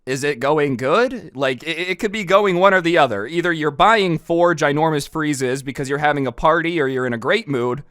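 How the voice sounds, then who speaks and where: A man tells a storytime in a casual, exasperated tone with sarcastic asides. His voice is smooth and clear. The sound is dry and close to the mic. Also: fairly high pitch, normal speed, hardly any pauses, fairly bright tone, no echo. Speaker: storytime vlogger. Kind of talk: storytime narration.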